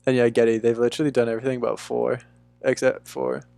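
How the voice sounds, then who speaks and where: A man's voice: mid-range voice, level tone, quick pace, creaky, dark tone, no echo, faint music behind. A young man chatting casually with viewers on a live stream from a room at home, laid-back and talkative, calling people "dude". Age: young adult. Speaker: livestreamer.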